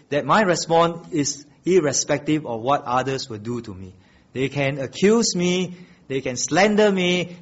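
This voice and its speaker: A man preaching a sermon with emphatic delivery, swinging between loud and soft and repeating key phrases while asking the congregation questions. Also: muffled recording. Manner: emphatic preaching with wide swings in pitch and loudness. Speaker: pastor.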